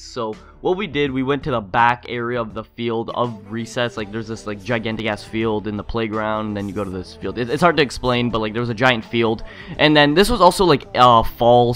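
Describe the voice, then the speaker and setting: Rambling, foul-mouthed young vlogger. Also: male voice, medium pitch, a bit bright. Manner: rambling, profane, filler-heavy. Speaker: YouTuber. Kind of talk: casual storytelling vlog.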